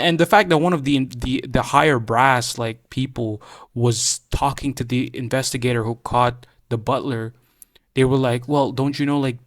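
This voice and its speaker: A man's voice: mid-range voice, dry recording, clean studio sound. A young man giving a casual anime reaction, ranting heatedly with swearing, stammered restarts and repeated phrases for emphasis.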